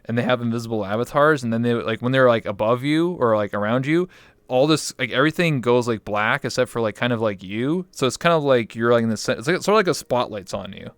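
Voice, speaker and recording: A man's voice: medium pitch, animated, fast talker, no echo, clean studio sound. A man as a podcast guest, chatting casually and telling rambling, filler-heavy stories with some swearing. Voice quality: smooth, clear voice. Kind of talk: casual interview chat.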